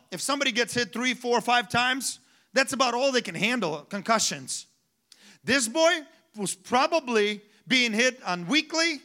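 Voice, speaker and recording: Male pastor, 30s, high and bright voice, conversational sermon with rhetorical questions.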